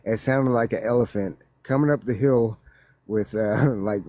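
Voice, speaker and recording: Excited man telling a scary story. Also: lowish voice, moderate pace, no echo. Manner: excited, rambling, laughing as he recounts. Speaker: witness guest. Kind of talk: casual storytelling.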